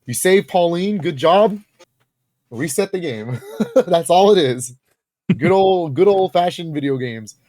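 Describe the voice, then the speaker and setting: A young man co-hosting a podcast, talking casually and with lots of energy, his speech full of fillers and laughs. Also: fairly high pitch. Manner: animated, lots of filler words and quick laughs. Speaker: podcast co-host. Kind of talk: casual chat.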